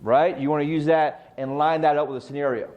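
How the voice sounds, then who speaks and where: A middle-aged man leads a real estate training session, his voice sitting a little high for a man. He talks straight to the group, tossing out rhetorical questions and answering them himself. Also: fairly even intonation, a little fast, muffled recording. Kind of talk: training talk.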